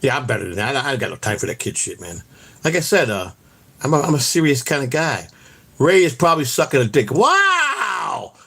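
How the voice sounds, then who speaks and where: A man's voice: mid-range voice, animated, fast, a bit bright, slightly rough. A middle-aged man hosting an online show, ranting in a rambling, profane, heated way. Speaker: host. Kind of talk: casual ranting chat.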